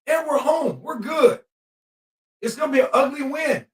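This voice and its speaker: A man with a high voice calls a game live, excitable and quick to yell at the officials. He sounds set back from the mic in an echoey room. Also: distant mic. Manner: excitable, shouts at the refs and players. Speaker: podcast host. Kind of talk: live game-watching commentary.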